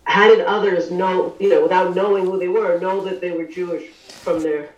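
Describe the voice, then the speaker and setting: A man's voice: sits high, fairly even intonation, normal speed. A man in a class asking the teacher questions, tentative and searching for words. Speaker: class participant. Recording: distant, echoey, muffled room sound.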